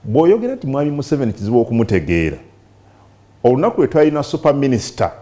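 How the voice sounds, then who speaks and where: A Ugandan man presenting a press review, reading newspaper passages aloud in a measured way and discussing them in English and Luganda. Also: mid-range voice, very animated, dark tone.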